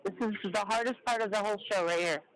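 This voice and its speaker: A woman with a mid-range voice gives the closing words of a podcast. She speaks sincerely and earnestly, at a steady pace. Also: medium pitch, quick pace, rough recording. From Oregon, United States. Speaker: podcast co-host. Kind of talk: heartfelt closing remarks.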